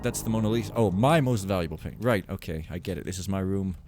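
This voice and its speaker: A man's voice: deep voice, fast talker, over music. A man giving casual, rambling commentary over a video game, joking and mocking himself as he plays. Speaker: Let's Play commentator.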